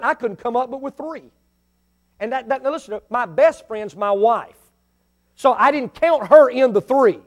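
High-voiced man preaching a sermon. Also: moderate pace. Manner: preaching with swells of loud emphatic lines and quiet asides. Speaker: pastor.

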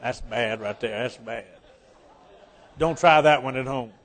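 A man's voice: mid-range voice, measured pace. A man from West Virginia with an Appalachian accent, a guest preacher mixing jokes into a folksy sermon and rising to fervent appeals.

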